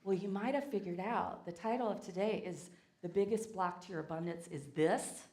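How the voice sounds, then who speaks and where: A woman's voice: lowish voice, normal speed, darkish tone. A woman with a Southern US accent giving a playful sermon in a church, getting the congregation to repeat phrases with her. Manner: playful, leads the congregation in call-and-response. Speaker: guest speaker. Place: church sanctuary. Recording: echoey sanctuary.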